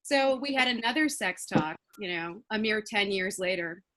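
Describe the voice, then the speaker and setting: A young woman performing a stand-up comedy set with punchy, deadpan delivery, laughing at her own jokes. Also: mid-range voice, normal speed, poor audio.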